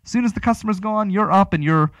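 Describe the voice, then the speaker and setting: A man's voice: sits high, quick pace, fairly bright tone, no room sound. A man hosting a casual talk show, rambling and chatty, with many restarts. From Pittsburgh area. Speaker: radio talk show host.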